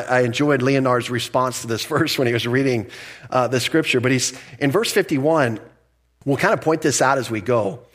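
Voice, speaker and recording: A middle-aged man pastor teaching verse by verse through scripture, conversational and emphatic, with asides and quick self-corrections. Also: mid-range voice, a bit bright.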